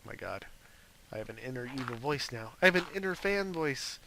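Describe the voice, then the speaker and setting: A man's voice: mid-range voice, animated, a little fast, noisy background. A young man rambling casually through gameplay commentary, chatting and talking fondly to his pet wolf. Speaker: gaming video host.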